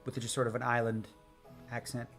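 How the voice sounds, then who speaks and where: A man's voice: medium pitch, completely flat delivery, fairly quick, vocal fry, fairly bright tone, faint music behind. A man live-streaming a poker session, chatting casually with viewers in a brash, joking way and answering their chat messages. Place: home streaming setup.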